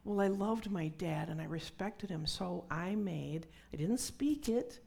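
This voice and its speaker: A woman's voice: on the low side, expressive, measured pace, creaky, darkish tone. A middle-aged woman preaching a conversational sermon with personal testimony, dropping to whispers for emphasis.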